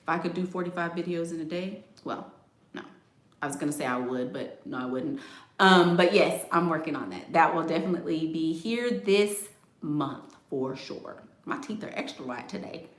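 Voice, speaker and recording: In an echoey room, a relationship advice streamer chats casually through viewer comments, speaking to her audience frankly and with sass while laughing on the side. Her voice is deep and moves at a moderate pace.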